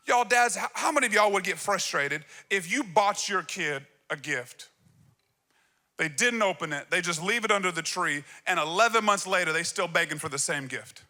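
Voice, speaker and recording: A male pastor preaching a sermon from a church stage, energetic and emphatic. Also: high voice, normal speed.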